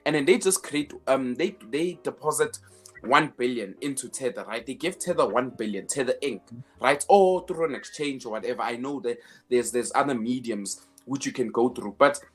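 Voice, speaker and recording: Husky man explaining finance emphatically. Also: mid-range voice, animated, moderate pace, soft background music. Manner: emphatic, repeats words while building a point; sarcastic asides. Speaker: finance show host. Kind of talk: casual explanatory commentary.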